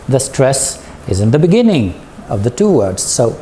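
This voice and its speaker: A man teaches an English lesson in a slow recorded class, patiently drawing things out and leading his students with questions. His voice is medium-pitched, sing-song and mellow, with slight background noise.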